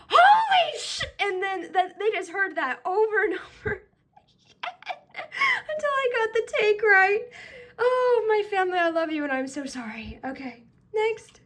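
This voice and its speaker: A woman with a fairly high voice reacts to her own old work in casual commentary. She chats, laughs at herself, and hands out friendly tips. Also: fairly bright tone. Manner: chatty, laughing, self-deprecating tips.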